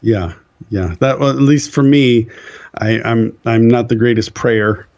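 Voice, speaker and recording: An earnest man tells a personal faith story with the conviction of a guest speaker. His mid-range voice is a little mellow, and he speaks plainly and sincerely. He acts out quoted voices and pauses and restarts as the story moves him.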